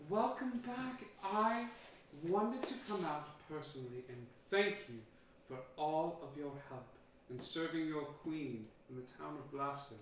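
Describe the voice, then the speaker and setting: A man's voice: a little high, animated, a little slow, pitched above the performer's own voice. A man voicing a gracious, effusive queen who stammers over her thanks. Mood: gushing. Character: gracious regal Red Queen, woman. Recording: echoey room from far off, faint noise.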